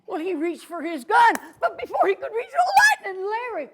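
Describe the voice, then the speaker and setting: Brief: lively woman children's storyteller, high and swooping, folksy cowgirl manner. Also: brisk, few pauses. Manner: folksy cowgirl persona, call-and-response with children. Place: library story room with children.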